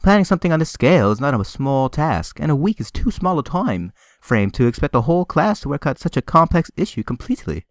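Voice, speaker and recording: A man voicing a polite, delicate teenage schoolgirl who speaks softly, primly and hesitantly. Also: fairly high pitch, very animated, fairly quick, hardly any pauses, no room sound, studio quality, voice pushed up. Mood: earnest. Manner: soft, prim and hesitant.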